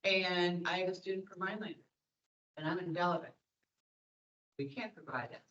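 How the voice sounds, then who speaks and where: A woman's voice: on the low side, fairly bright tone, roomy sound, distant mic. Woman asking questions, dull lo-fi sound. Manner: halting, thinking aloud. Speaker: audience member.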